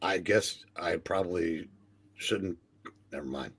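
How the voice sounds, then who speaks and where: A man hosting a casual group comic reading with a dry, self-deprecating delivery. His voice is low and gravelly and he speaks slowly, with a husky grain. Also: a bit bright, no room sound.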